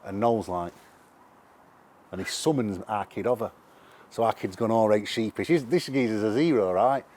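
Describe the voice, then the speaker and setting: A middle-aged man with a Sheffield accent, a musician telling animated, sweary anecdotes in a casual interview. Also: lowish voice, normal speed, a little hiss or hum. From England. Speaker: musician guest.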